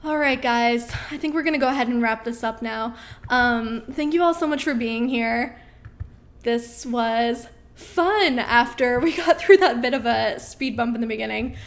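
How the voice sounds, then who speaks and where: A woman's voice: fairly high pitch, a little slow. Friendly young woman hosting a live Q&A. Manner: friendly, reads viewer questions aloud, frequent ums. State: losing her voice, clearing throat. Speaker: host of a live Q&A stream. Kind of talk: casual live-stream Q&A.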